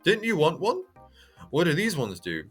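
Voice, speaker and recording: A man's voice: a little high, huge pitch swings, moderate pace, slightly rough, soft background music, pitched above the performer's own voice, heavily acted. Man putting on a scheming female pirate captain. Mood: coaxing.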